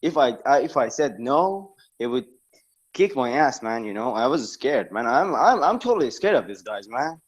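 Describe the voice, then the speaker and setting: A man's voice: mid-range voice, sing-song, moderate pace, muffled recording. A man in casual chat, rambling and repeating okay and you know as he tells stories.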